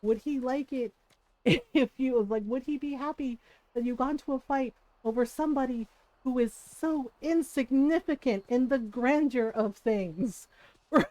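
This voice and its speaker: High-voiced woman streamer telling stories. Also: unhurried, dry recording, rough recording. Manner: animated, laughs often, acts out quoted voices. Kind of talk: casual storytelling while gaming.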